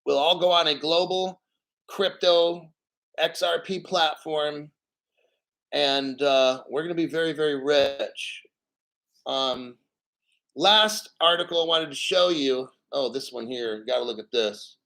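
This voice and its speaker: A man's voice: on the high side, takes it slowly, creaky, a bit bright, poor audio. A man hosting a crypto livestream, ranting with heated rhetorical questions and frequent swearing.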